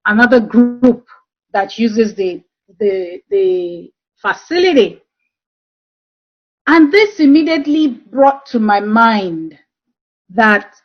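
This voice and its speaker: A woman speaks in a slightly high voice over a dull, lo-fi video call. She talks through a webinar presentation, telling stories from her work and pausing often on "um". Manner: warm storytelling with frequent um fillers. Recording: dull lo-fi online call audio.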